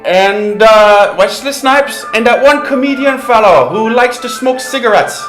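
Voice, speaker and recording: Casting: man doing a boozy fake-Irish guy, high, bouncy voice, echoey room. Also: expressive, a little slow, a bit bright. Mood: confused. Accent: put-on Irish. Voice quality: bad fake accent, hammy. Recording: echoey room with faint music.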